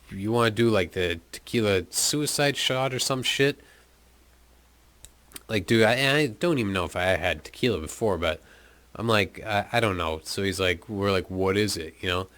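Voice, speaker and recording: Man, deep voice, crisp forceful tone, swearing a lot, casual rambling travel story. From North America. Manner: profane, laid-back storytelling with frequent fillers.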